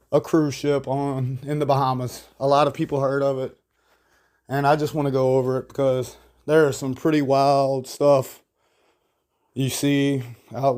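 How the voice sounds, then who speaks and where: A man's voice: mid-range voice, a little mellow. A man giving casual video commentary in a blunt, opinionated, rambling way. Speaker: YouTube commentator.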